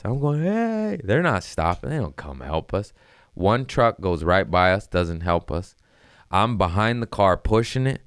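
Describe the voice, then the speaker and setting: A young man tells a wild story in a casual, profane way. His low voice leaps around with lively swings of pitch. The sound is dry and close. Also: clean tone, no room sound. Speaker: comedian podcast host.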